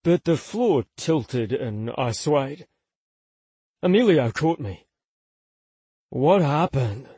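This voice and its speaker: A man narrates a first-person story in a slow, intimate, confessional tone. His voice is husky and sits somewhat high for a man. The close, dry recording has no room echo. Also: sing-song, dark tone. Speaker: audiobook narrator.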